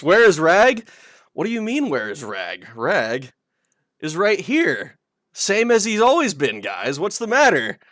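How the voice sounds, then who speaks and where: A man's voice: on the high side, a bit bright, dry recording, studio quality. A man streaming live in a playful, teasing way, reading chat aloud and laughing often.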